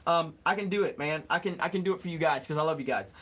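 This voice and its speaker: A man's voice: a little high, fast talker, fairly bright tone, breathy edge. Joking man reading live chat. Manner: joking, rambling, fumbles over words. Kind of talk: casual live stream chat.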